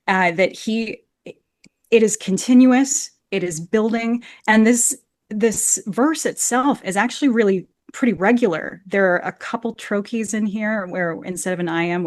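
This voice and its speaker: A woman's voice: medium pitch, no room sound. Enthusiastic woman coach, dry close sound. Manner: enthusiastic, demonstrates rhythm by chanting beats. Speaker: actor and Shakespeare coach. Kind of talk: podcast interview, explaining verse.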